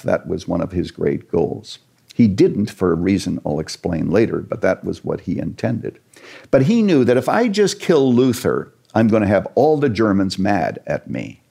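Low gravelly man telling history. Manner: animated, earnest storyteller with jokes. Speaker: church historian guest. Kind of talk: storytelling lecture in conversation.

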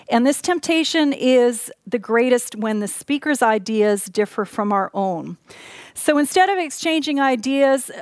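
Woman, Bible teacher, measured instructive talk, higher voice, dry close sound. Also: no echo. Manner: measured, instructive, walks through listed points.

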